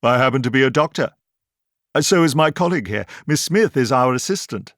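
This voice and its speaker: A man voicing a calm, self-assured eccentric time traveller in an audiobook, brisk and authoritative. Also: mid-range voice, no echo, clean studio sound, pitched above the performer's own voice, lightly acted.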